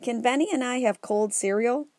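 A woman's voice: on the high side, normal speed, a little mellow, dry recording, clean studio sound, pitched above the performer's own voice, lightly acted. A woman reading the part of a glum, skeptical boy in a storybook, asking questions in a questioning way.

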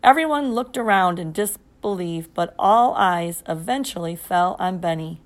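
A woman reading a children's story aloud in the first person, expressive and steady. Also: fairly low pitch, moderate pace. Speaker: audiobook narrator.

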